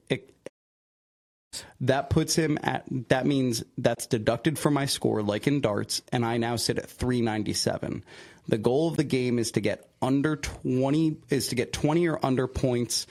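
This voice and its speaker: A young man co-hosting a sports podcast, quick and self-mocking, often tripping over his words. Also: mid-range voice, vocal fry, a little mellow. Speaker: podcast co-host. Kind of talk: casual chat.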